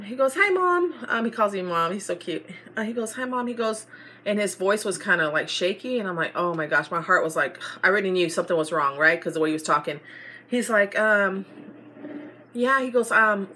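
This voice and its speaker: A middle-aged woman with a drawl talks straight to camera in a loose, rambling way, full of "you know" and "like." Her voice is bright and forceful, set at an ordinary pitch for a woman. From Texas. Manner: chatty, rambling storytelling with many fillers. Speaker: vlogger. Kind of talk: casual chat to camera.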